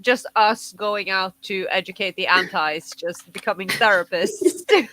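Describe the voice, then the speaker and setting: A woman's voice: medium pitch, a little slow, bright, forceful tone, slight background noise, rough recording. A woman co-hosting a casual chat, dropping in wry short remarks. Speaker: podcast co-host.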